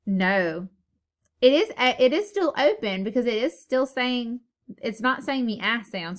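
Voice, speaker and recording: A woman teacher recording a phonics lesson for young children, playful and sing-song, repeating words for emphasis, on a camera mic. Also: a little high.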